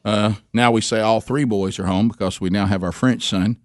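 Rambling radio host. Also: male voice, normal speed, dry recording, studio quality. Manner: rambling, animated, jumps into high voices for quoted people. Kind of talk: casual talk radio storytelling.

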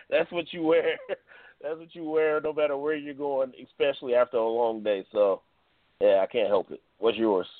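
A man's voice: mid-range voice, fairly even intonation, normal speed, no room sound. Laughy blunt guy cohosting a podcast, phone-line sound. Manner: laughs often, blunt and playful. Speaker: podcast co-host. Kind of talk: casual podcast chat.

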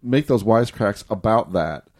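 A man's voice: fairly low pitch, animated, normal speed, a little mellow, no echo, clean studio sound. A man co-hosting a film podcast, talking casually with frequent restarts and laughs. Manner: hesitant, many restarts and laughs. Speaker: podcast co-host.

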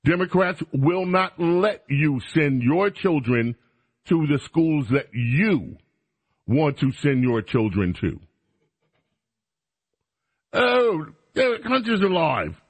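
A man's voice: fairly high pitch, expressive, slow pace, pauses often, no echo. A man hosting a talk radio show, chatting casually and teasing his guest in an opinionated way.

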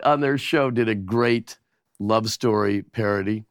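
Older man, low voice, lively storyteller. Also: gravelly, no room sound, studio quality. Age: 70s. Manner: lively anecdote teller who quickly acts out lines from scenes. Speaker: guest. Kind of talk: casual chat.

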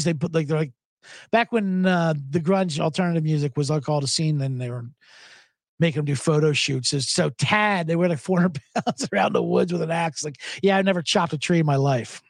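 A man hosting a casual sports podcast, talking in an animated, profane way and jumping between topics with loud mocking impressions. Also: on the high side, dry recording, studio quality. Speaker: podcast host.

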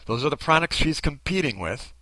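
Sarcastic man with lively, bright voice. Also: a little high, fairly quick, no echo. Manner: sarcastic, mocking, emphatic. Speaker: commentator reacting to a video. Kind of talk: critical commentary.

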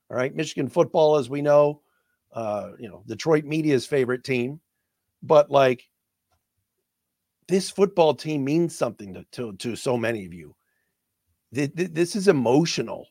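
A man hosting a sports talk show, his voice a little high for a man, stumbling and repeating words as emotion catches his throat. He sounds close and dry, with no room around him. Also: no echo. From not from the area of the team he covers.

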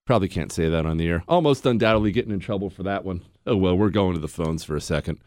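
A man hosting a call-in radio show, indignant and incredulous, swinging from low mutters to loud outbursts into a studio microphone. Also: fast, no room sound. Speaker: radio talk show host. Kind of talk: opinionated call-in talk radio.

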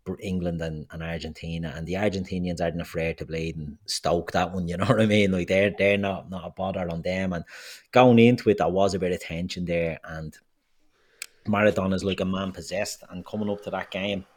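A man's voice: low-pitched, fairly even intonation, fairly quick. A man co-hosting a casual football podcast, opinionated and blunt, with frequent swearing. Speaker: podcast co-host. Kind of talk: casual chat.

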